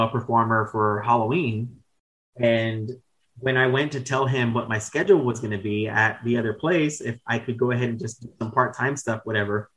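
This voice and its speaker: A man's voice: mid-range voice, fairly bright tone, low-quality recording. A man in his thirties telling candid, rambling stories as a podcast guest, with casual swearing and self-corrections. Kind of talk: casual storytelling chat.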